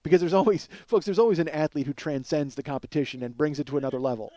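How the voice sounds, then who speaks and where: Rambling high-voiced storytelling man. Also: very fast. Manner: rambling, animated, lots of fillers and voiced quotes. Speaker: comedian host. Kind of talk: comic storytelling.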